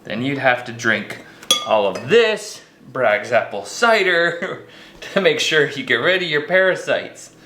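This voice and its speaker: A man's voice: mid-range voice, expressive, a little slow, sharp tone, reverberant, a little hiss or hum. A man hosting a casual cooking demonstration in a kitchen, joking and poking fun at himself as he rambles through the recipe. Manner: joking, self-mocking, rambling. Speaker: outdoor cooking show host.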